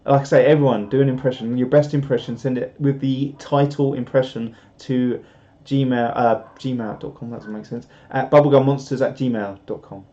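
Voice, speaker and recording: A man's voice: mid-range voice, steady tone, moderate pace, mellow. A man hosting a live stream, reading viewer comments aloud in a jokey, rambling way, on a dull lo-fi recording. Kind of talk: casual live stream chat. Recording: dull lo-fi sound.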